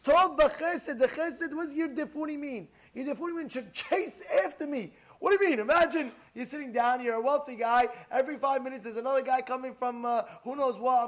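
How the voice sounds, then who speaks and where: A rabbi giving a Torah lesson, animated and repetitive, acting out little quoted exchanges as he explains. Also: extremely high pitch, a little fast, hardly any pauses. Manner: animated, acts out quotes, repeats phrases.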